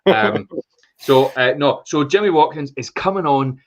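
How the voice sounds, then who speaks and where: A man co-hosting a podcast, telling a story in an excitable, enthusiastic casual chat over a remote call. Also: on the high side, a little slow. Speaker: podcast co-host.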